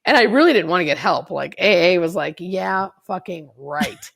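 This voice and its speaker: A woman's voice: on the low side, very animated, fast, creaky, fairly bright tone. A woman in her forties, a podcast guest, telling her own story candidly, swearing freely and acting out what others said. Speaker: podcast guest, hospice nurse.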